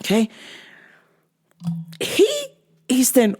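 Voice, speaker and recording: Animated, foul-mouthed woman storyteller. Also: medium pitch, moderate pace. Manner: profane, exasperated, animated. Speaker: podcast host. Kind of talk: comic storytelling.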